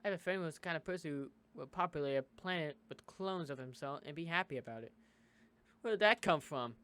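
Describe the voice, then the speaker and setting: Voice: medium pitch, fairly bright tone, clear, resonant tone. An American let's-play host reads a visual novel aloud, taking on each character in turn. Between lines he breaks off for short comments of his own. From United States. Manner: reads dialogue in shifting character voices with quick asides. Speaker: gaming YouTuber.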